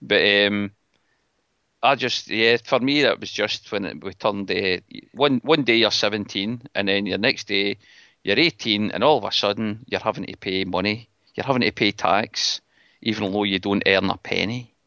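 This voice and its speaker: A middle-aged Scottish man hosts a casual podcast chat, speaking bluntly and scornfully in a sharp tone. His voice is fairly low and his pace moderate. The recording is dry, dull and lo-fi.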